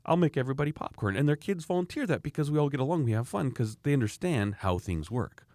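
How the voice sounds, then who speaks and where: A man's voice: medium pitch, expressive, fast talker, a little mellow, dry recording. A man from Canada talking casually about raising children, emphatic and rambling, often restarting his sentences. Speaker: parent sharing views. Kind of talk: casual opinionated chat.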